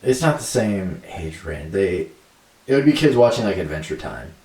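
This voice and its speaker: A man's voice: low voice, sing-song, normal speed, recorded from a distance, crowd noise. A young man co-hosting a podcast in casual chat, rambling with lots of fillers and laughing easily. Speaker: podcast co-host. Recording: roomy sound from off mic.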